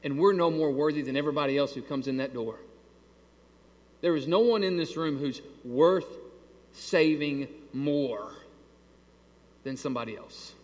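A man preaching to his church, telling a story in an animated, exasperated way. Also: a little high, moderate pace, long pauses. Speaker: pastor. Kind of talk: sermon with a storytelling aside. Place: church sanctuary. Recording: long hall reverb.

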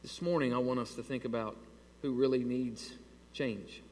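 A man preaching to his church, telling a story in an animated, exasperated way. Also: mid-range voice, normal speed. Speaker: pastor. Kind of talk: sermon with a storytelling aside. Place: church sanctuary. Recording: long hall reverb.

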